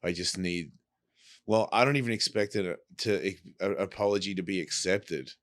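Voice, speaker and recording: Middle-aged Australian male guest, somewhat low-pitched, quiet and confessional with blunt swearing. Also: moderate pace. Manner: subdued, confessional, profane. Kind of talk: candid conversational talk.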